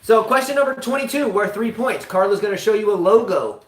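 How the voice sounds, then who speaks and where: A man's voice: sits high, animated, a little fast, reverberant. A man hosting a live-stream tennis quiz in a casual, joking way, often repeating himself in a hurry.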